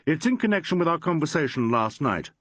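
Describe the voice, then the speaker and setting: A man with a husky voice, reading the part of a calm police inspector in an audiobook, politely and patiently questioning a group. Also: on the high side, a little fast, no echo, voice pushed up. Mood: courteous. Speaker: inspector in a crime novel.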